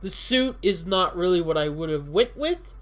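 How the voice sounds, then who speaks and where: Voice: mid-range voice, expressive, normal speed, fairly bright tone. Rambling, profane casual film reviewer. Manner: rambling, profane, lots of fillers and restarts. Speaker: movie reviewer.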